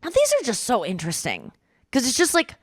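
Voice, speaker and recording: A woman's voice: fairly high pitch, fairly quick, slightly rough, no room sound, clean studio sound. A woman in her thirties hosting a podcast in casual chat, telling stories with lots of fillers and acted-out voices. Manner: animated storytelling with mimicked voices; frequent filler words. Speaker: podcast host.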